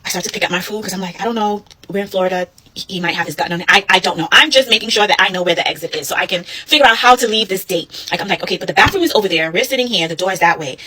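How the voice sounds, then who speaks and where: Woman rattling off a date story, quick and husky, bright edge to her voice. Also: mid-range voice, rough recording. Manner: animated, fast retelling with acted dialogue. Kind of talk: casual storytelling.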